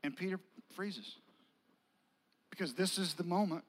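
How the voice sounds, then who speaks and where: A male pastor preaches by retelling a story in a casual, vivid way. His voice sits high for a man. He keeps it conversational rather than formal. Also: measured pace, low-quality recording. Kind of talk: sermon.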